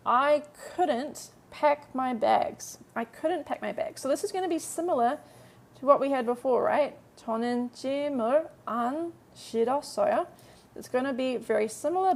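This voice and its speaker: A chatty woman teaches a Korean lesson in a live stream, walking through each point step by step. Her voice sits a little high and carries a gravelly fry. She slows right down whenever she models an English translation. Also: a little mellow.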